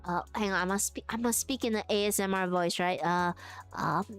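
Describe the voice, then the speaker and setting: A woman's voice: medium pitch, moderate pace, smooth, soft background music. A young woman streaming live, chatting casually and thinking aloud with giggles as she works on a craft.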